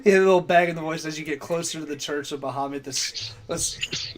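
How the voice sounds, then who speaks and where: A man's voice: on the high side, a little fast, background noise. A man with a slightly raised voice runs a tabletop game for his players on a live stream. He stumbles, repeats himself and pokes fun at himself as he narrates. His pace is ordinary. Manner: stammering restarts, self-mocking jokes. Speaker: game master.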